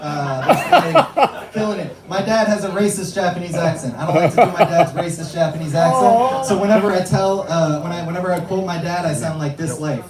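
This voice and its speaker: A young man from New York doing a stand-up set at an open mic, deadpan and self-mocking. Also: sits high, fairly quick. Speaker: stand-up comedian. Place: small comedy club, live audience. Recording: echoey room, distant mic, loud crowd.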